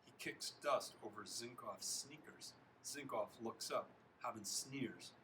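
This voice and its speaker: A man reading a children's novel aloud, expressive, stopping now and then to comment on the text and correct himself. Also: mid-range voice, unhurried, a little hiss or hum, rough recording. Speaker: reader.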